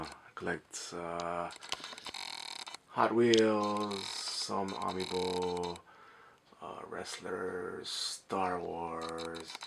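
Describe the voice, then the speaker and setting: A young man speaking quietly and in a monotone, with many fillers, as he shows his toy collection in a messy room late at night. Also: deep voice, creaky, background noise. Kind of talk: casual walkthrough vlog.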